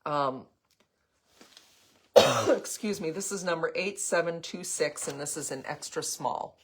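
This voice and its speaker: A woman's voice: low-pitched, measured pace, a little hiss or hum. An older woman hosting a casual live craft demo, chatting with viewers, rambling with frequent ums and the odd cough. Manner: chatty, answers viewer comments as she goes. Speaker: craft host.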